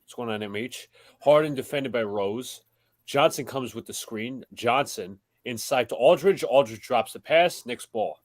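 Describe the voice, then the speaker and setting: Fan-stream play-by-play caller, young New York man, brisk and plain. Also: medium pitch, no room sound. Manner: quick, matter-of-fact calling of plays. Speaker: play-by-play commentator. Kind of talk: live play-by-play commentary.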